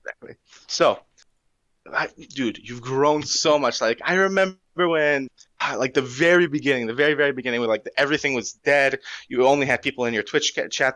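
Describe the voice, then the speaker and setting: A teenage boy calling in to a casual stream chat, rambling enthusiastically in slang, with a high voice. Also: a bit bright, no echo. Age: teens. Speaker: caller.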